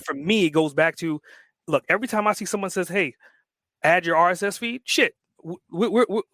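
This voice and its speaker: A man talking on a podcast as an entrepreneur guest, emphatic and blunt, swearing freely and picking up speed when excited. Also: high voice, a little fast, dry recording. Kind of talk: casual podcast conversation.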